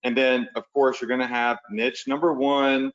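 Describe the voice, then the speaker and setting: A man's voice: mid-range voice, wildly swooping pitch, moderate pace, creaky, a bit bright. A man teaching a live online webinar, talking viewers through steps casually and checking in with "right?". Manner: casual, talks the viewers through steps while drawing on screen; conversational, uses "y'all" and "right?". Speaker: online business coach. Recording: slightly dull lo-fi webinar audio.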